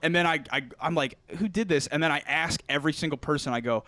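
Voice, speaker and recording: A young podcast co-host with a slightly high voice talks quickly on a dry recording. He tells a story in casual conversation, animatedly acting out the voices of the people in it and laughing often.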